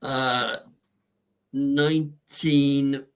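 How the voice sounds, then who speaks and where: A man's voice: mid-range voice, little pitch movement, drawn-out words, clear, resonant tone. A British man on a podcast, answering quiz questions with hesitant guesses and jokes. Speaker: podcast co-host, quiz contestant. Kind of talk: casual quiz banter.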